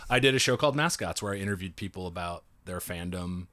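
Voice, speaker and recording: Lively storytelling man with a dry, close sound. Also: deep voice, quick pace, no room sound. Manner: animated storyteller, acts out quotes in a raised voice. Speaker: comedian and voice director. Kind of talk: casual chat.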